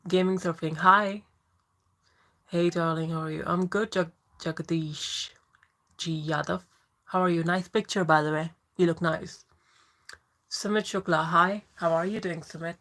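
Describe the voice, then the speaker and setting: A woman who moved to the UK from abroad hosts a casual live Q&A, answering viewer questions in a chatty, rambling way while reading out comments and greeting people by name. Her voice is on the low side, steady, and a bit bright, and she speaks a little slowly with long pauses.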